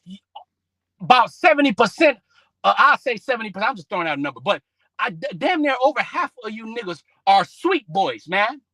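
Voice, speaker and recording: A man's voice: sits high, sing-song, brisk, pushed and bright, no echo, low-quality recording. A man preaching a heated, profane religious rant, scolding his listeners and quoting scripture between outbursts. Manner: scolding, peppered with "man" and "bro".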